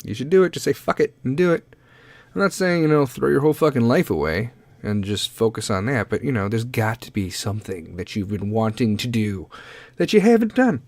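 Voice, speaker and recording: A man's voice: mid-range voice, sing-song, brisk, darkish tone, dry recording. A man hosting a comedy podcast, rambling casually with lots of swearing and pep talk. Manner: profane, rambling, motivational. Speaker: podcast host.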